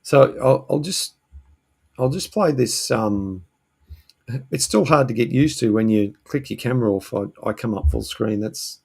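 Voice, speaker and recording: A man's voice: mid-range voice, expressive, measured pace, gravelly, darkish tone, husky. A man hosting a casual live-stream chat from his shed, hesitant and full of ums and restarts. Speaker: host. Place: home shed.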